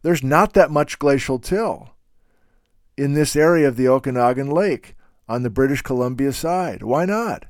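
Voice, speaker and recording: A man's voice: mid-range voice, moderate pace, dry recording, studio quality. Emphatic man talking geology. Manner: emphatic, animated, opinionated. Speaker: host. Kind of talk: casual spoken geology talk.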